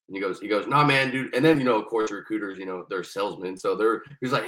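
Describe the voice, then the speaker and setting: A man's voice: fairly low pitch, fast, hardly any pauses, low-quality recording. A young man, a former Marine guest on a podcast, telling his story casually and profanely, acting out the people he quotes. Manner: profane, animated, acts out quoted dialogue.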